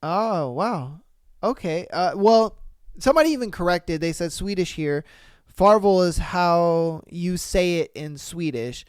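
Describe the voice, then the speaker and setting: A man hosting a podcast, reading listener posts and reacting in a slangy, profane, animated way. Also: high-pitched, a little slow, clear, resonant tone, dry recording, clean studio sound. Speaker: podcast host.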